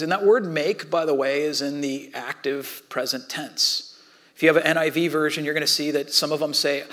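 A man preaching a sermon in a conversational way, swinging between loud and hushed. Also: a little high, fairly quick. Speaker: pastor.

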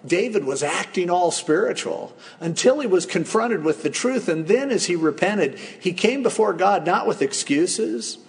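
A man's voice: high voice, lively intonation, a little slow, gravelly, hardly any pauses, long reverb tail. A male pastor preaching a sermon in a conversational, storytelling way, acting out quotes as he goes.

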